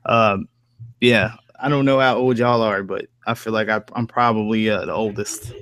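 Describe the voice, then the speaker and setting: A man's voice: fairly low pitch, steady tone, normal speed, a bit bright. A man hosting a live stream, talking in a laid-back, slangy way and laughing often over online voice chat. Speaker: stream host.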